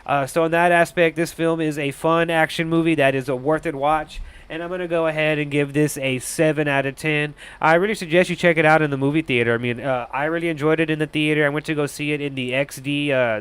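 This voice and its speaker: A young man reviews movies live on stream in a loose, rambling way, swearing freely and laughing at his own jokes. His voice is smooth and clear, sitting a little high for a man. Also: fairly even intonation, a little fast, few pauses, fairly bright tone.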